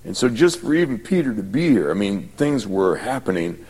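A man's voice: lowish voice, big pitch swings, moderate pace, darkish tone, husky. A man preaching a sermon, retelling scripture in a folksy, conversational way with many asides. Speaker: pastor. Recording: long hall reverb.

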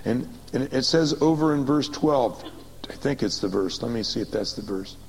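A man preaching a sermon, swinging from excited high bursts to quiet low reading, calling on the congregation to repeat after him. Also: moderate pace, creaky, slight background noise, poor audio. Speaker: pastor.

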